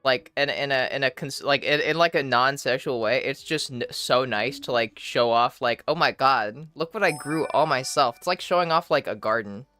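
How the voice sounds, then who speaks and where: A woman livestreaming, chatting casually with her viewers and answering their messages in a relaxed, shy, giggly way with plenty of swearing. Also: a bass voice, normal speed, few pauses, faint music behind. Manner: reads and answers chat messages. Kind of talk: casual chat with stream viewers.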